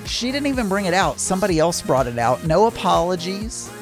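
A man's voice: high voice, sing-song, brisk, soft background music. A man telling a casual story, rambling with many restarts and exasperated asides.

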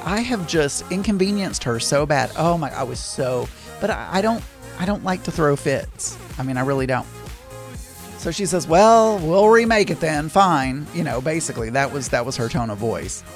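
A man telling a casual story, rambling with many restarts and exasperated asides. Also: on the high side.

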